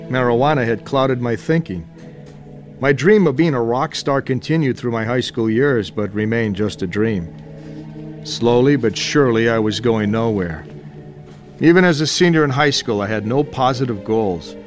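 A man's voice: mid-range voice, normal speed. Somber man narrating over music. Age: adult. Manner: somber, reflective. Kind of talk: scripted narration.

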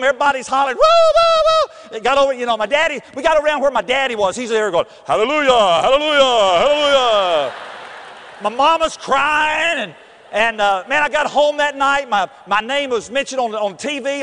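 A middle-aged man, telling a personal story with animated acted-out voices and shouts. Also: extremely high pitch, long reverb tail.

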